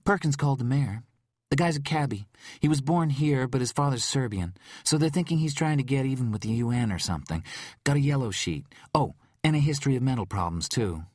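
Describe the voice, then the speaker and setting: A man voicing a young female police officer who delivers news briskly and matter-of-factly in an audiobook. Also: mid-range voice, lively intonation, a little mellow, no room sound, clean studio sound, voice pushed up, natural voice.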